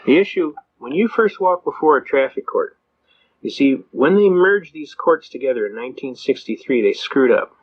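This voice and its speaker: An older man speaks in a folksy, storytelling way at a mid-range pitch, leaning into anecdotes and acted-out exchanges as he lectures. The recording sounds dull and lo-fi, with its highs rolled off. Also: lively intonation, normal speed. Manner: folksy storyteller, acts out dialogue in quotes. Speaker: seminar speaker on constitutional rights.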